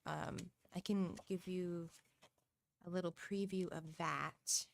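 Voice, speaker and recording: A woman's voice: fairly low pitch, fairly even intonation, takes it slowly, vocal fry, a little hiss or hum. A young woman illustrator chatting casually on a live art stream, hesitant with lots of ums and frequent laughs, into a desk microphone.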